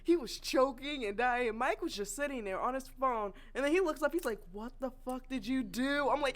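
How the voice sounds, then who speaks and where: A woman sitting in on a podcast, her voice a touch high, swapping gossip and laughing through her stories. She quotes people as she talks, loose and chatty. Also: lively intonation, a little fast, hardly any pauses. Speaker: podcast guest. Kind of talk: casual chat.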